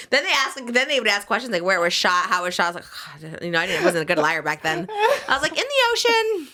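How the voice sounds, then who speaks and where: A woman's voice: fairly low pitch, fast talker, pushed and bright. A woman in her thirties hosting a podcast, chatting casually and playfully, often laughing. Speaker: podcast host. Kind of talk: casual chat.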